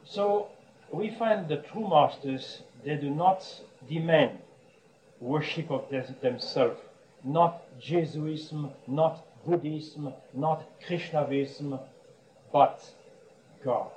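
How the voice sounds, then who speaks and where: A man's voice: medium pitch, mellow. A man giving a sermon as a monk, telling stories with frequent chuckles and restarts. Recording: roomy echo, distant mic, faint background hum.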